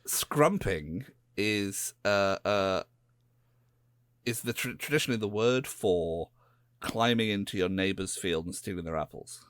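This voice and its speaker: A man with a West Country English accent chats on a podcast in a fairly low voice. He rambles and drifts into quiet asides. The close mic sounds dry, with no room in it. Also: unhurried, dry recording. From England. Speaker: podcast co-host. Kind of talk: casual chat.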